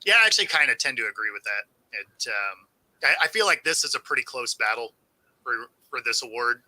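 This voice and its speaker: A man co-hosting a sports talk show, relaxed and teasing, with easy laughter and hesitant restarts. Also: medium pitch, fairly quick, dry recording, poor audio. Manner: relaxed, sarcastic, laughs easily. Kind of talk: casual sports debate.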